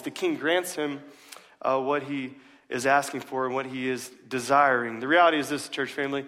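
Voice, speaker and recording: A man preaching a sermon to his church in a relaxed, joking way, full of "uh" fillers. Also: mid-range voice, normal speed. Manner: casual, joking, many "uh" fillers. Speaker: pastor. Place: church sanctuary. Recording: long reverb of a large hall.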